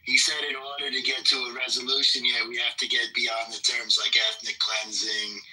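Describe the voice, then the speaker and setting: A man calmly posing provocative questions in a live debate. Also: medium pitch, fairly quick, far from the mic, low-quality recording. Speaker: debate opponent.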